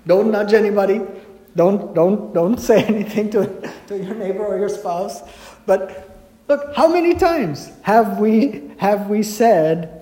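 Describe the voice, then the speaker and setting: A man's voice: high-pitched, lively intonation, a little slow, dark tone. A man preaching a sermon as pastor, earnest and conversational, often checking in with the congregation. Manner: earnest, conversational preaching with frequent "right?" asides. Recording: echoey hall with long reverb.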